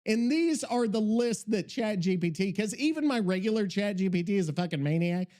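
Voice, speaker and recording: Male podcast host, excitable and rambling, heavy swearing; high, very lively voice. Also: a little fast. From Missouri. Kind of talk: casual podcast chat.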